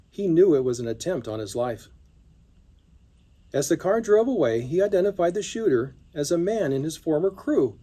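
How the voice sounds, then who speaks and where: A man reads a magazine story aloud in scripted narration. His delivery is calm and measured, his voice sitting a little high. The tone stays dark and mellow throughout. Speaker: narrator reading magazine stories.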